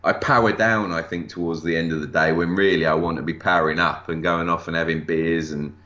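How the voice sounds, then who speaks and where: A man's voice: deep voice, steady tone, bright, forceful tone. A man, chatting as an interview guest, hesitant and full of restarts. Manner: halting, many restarts and fillers. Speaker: guest collector. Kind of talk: casual interview chat. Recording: lo-fi echoey room.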